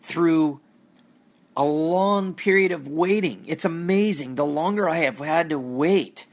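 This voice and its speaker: Man, slightly higher voice, earnest faith vlogger who gropes for words and repeats himself. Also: takes it slowly. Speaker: Christian vlogger. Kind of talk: reflective personal faith talk.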